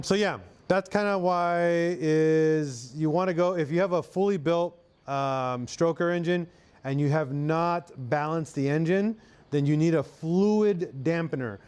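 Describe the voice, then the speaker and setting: Young man, Southern US accent, slightly high voice, smooth and clear, loose chatty live-stream talk. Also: a little mellow. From Arkansas, USA. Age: young adult. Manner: loose, chatty, answers chat, drawling "y'all". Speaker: mechanic streamer. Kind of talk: casual live-stream chat.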